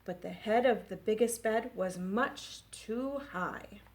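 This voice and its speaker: Woman librarian hosting story time, gentle and expressive, medium pitch. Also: slow pace. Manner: gentle, expressive, engaging kids. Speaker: children's librarian. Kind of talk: children's story time reading.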